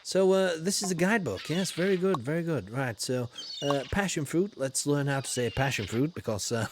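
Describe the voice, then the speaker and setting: A man streaming a game slips into a theatrical, old-fashioned gentleman explorer persona and greets his chat by name. His voice sits a touch high and leaps up and down in pitch as he talks. A faint hiss stays under the whole recording. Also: expressive, moderate pace. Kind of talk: live game commentary in a role-play persona.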